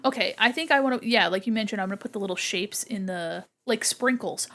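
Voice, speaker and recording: A woman's voice: fast, a bit bright. A young woman chatting casually and playfully on her art livestream while she draws, talking into a desk microphone. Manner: playful, chatty, imitates her cats with squeaky noises. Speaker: art streamer.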